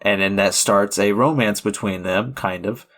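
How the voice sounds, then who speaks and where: A fairly bright, lowish male voice at a moderate pace carries this casual movie talk. He's a podcast co-host, and his rambling commentary is full of fillers and restarts.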